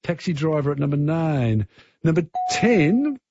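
A man's voice: on the high side, big pitch swings, measured pace, lo-fi sound, noisy background. A man with an Australian accent hosting a talkback radio quiz, chatty and easygoing. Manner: chatty, easygoing, filler-heavy.

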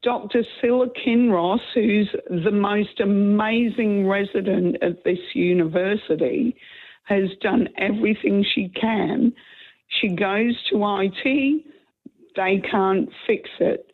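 A woman calling into a talkback radio show, hoarse from a cold, talking earnestly and rambling with restarts. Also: mid-range voice, takes it slowly. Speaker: caller. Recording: tinny phone line.

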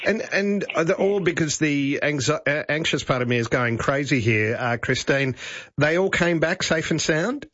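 A man's voice: on the high side, expressive, moderate pace, fairly bright tone, no room sound. Jokey radio host man. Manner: playful, jokey. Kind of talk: talkback radio chat. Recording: dull studio mic, dry.

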